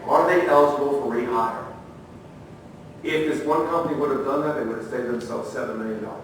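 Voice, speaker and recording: A middle-aged man giving a training talk at a conference, telling lively stories, acting out the quotes and asking the audience questions. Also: mid-range voice, brisk, noisy background. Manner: animated storyteller, acts out quotes, asks the audience questions. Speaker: conference speaker, former federal agent. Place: conference room. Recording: echoey room, heard from far off.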